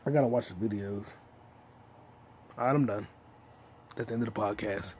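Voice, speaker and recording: A young man hosting a solo comedy podcast, ranting in loud, profane bursts with sudden shouts. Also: on the low side, normal speed, long pauses, slight background noise.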